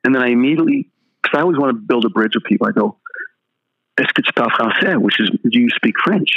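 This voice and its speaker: A man's voice: mid-range voice, expressive, quick pace, phone-quality sound. An older man, a pastor, telling stories as an interview guest and animatedly acting out the dialogue.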